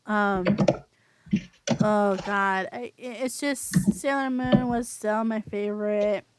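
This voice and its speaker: A woman's voice: mid-range voice, steady tone, slow pace, a little hiss or hum. A woman co-hosting a podcast in casual chat, rambling with many fillers and frequent laughter, speaking over a home microphone on an online call. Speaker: podcast co-host.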